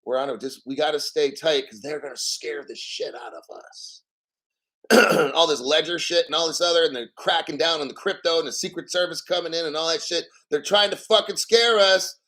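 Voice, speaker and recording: A man hosting a live-streamed crypto show, reading an article aloud and riffing on it in an excitable, profane way, often claiming he is about to cry. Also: a little high. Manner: profane, excitable, mock tearful; reads article aloud slowly, then riffs. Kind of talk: live-stream commentary with callers.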